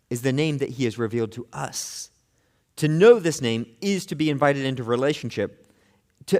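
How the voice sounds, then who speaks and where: A man preaches as pastor in a church sanctuary, where his mid-range voice trails off with long reverb. Earnest throughout, he alternates hushed and intense delivery and tends to repeat words when starting a phrase.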